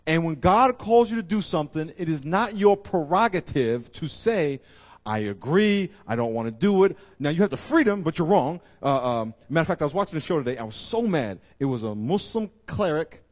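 A man preaching a sermon to his congregation, with emphatic delivery that swings from loud exclamations to quiet intensity and repeatedly addresses the audience directly. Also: on the high side, sing-song, brisk. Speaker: pastor.

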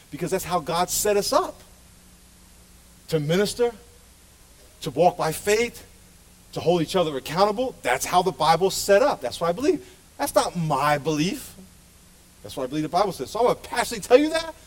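A middle-aged male pastor preaching a sermon to his church with passionate, emphatic delivery. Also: fairly high pitch. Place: church sanctuary.

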